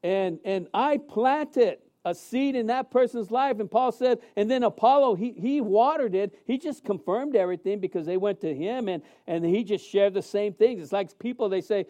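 A man in his fifties, a pastor, preaching a sermon in a conversational way, with many restarts and lively acted-out quotes. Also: high voice, moderate pace, few pauses.

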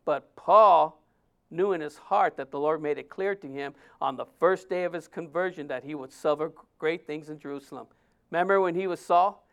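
A man's voice: on the high side, normal speed, a bit bright, smooth. A man preaching a sermon as a pastor, conversational and emphatic, often acting out quotes.

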